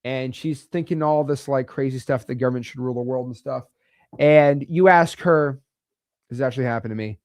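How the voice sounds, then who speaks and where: A man's voice: mid-range voice, normal speed, a little mellow, no echo, studio quality. A man from the United States coaching real estate wholesaling in a blunt, emphatic, chatty way with slangy asides. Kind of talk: casual teaching to camera.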